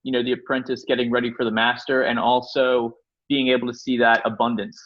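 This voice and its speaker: A man hosts a podcast and asks probing, conversational questions. He talks quickly, and the sound is slightly dull and lo-fi. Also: medium pitch, level tone. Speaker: podcast host. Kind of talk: interview questions.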